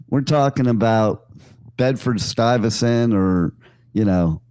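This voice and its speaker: A man's voice: medium pitch, takes it slowly, warm tone, clean tone, no echo. A man hosting a radio show, telling loose, joking stories with many fillers and asides. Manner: rambling, jokey, full of fillers and asides. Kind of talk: casual on-air storytelling. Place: radio studio.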